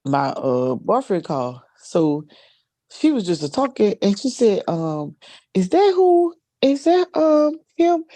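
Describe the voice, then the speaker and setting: A woman chatting casually, telling a funny story with lots of laughter and acted-out quotes. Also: no echo. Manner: laughs often, acts out quotes in a high excited voice. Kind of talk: casual chat, animated storytelling.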